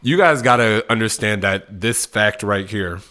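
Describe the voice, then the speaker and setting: A man's voice: fairly low pitch, measured pace, bright, forceful tone. A man co-hosting a casual podcast, earnestly giving dating advice. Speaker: podcast co-host. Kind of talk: casual chat.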